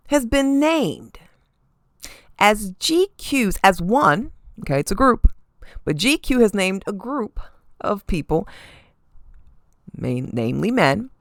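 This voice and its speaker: Sassy woman doing celeb gossip on her podcast, gravelly, voice swings all over, dry close mic. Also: medium pitch, no echo. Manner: sassy, animated, frequent "okay?" asides. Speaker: podcast host. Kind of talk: casual celebrity gossip commentary.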